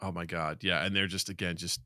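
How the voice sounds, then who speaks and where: A man co-hosting a casual podcast, talking animatedly, laughing often and doing quick voices for his dogs. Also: low-pitched, little pitch movement, pushed and bright, clean tone, dry recording, studio quality. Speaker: podcast co-host. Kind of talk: casual chat.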